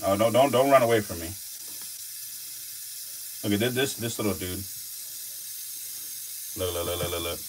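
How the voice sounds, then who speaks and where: Excitable slangy man filming his snakes. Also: lowish voice, moderate pace, long pauses, background noise. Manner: excitable, slangy, swearing, talking to the snakes and viewers. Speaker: reptile keeper vlogger. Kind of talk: casual filming commentary.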